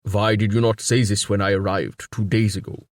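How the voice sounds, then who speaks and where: A defensive foreign king in an audiobook, pushing hard for answers and wary of enemies around him, voiced by a male narrator. His voice is on the low side and the sound is dry and close. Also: level tone, moderate pace, no echo, natural voice. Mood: suspicious, pressing. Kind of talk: audiobook character reading.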